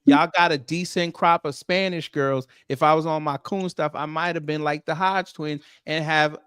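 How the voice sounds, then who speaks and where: A man hosting a casual comedic talk show, loud and joking, teasing his co-host. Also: a little high, steady tone, moderate pace, smooth, dry recording, clean studio sound. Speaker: podcast host.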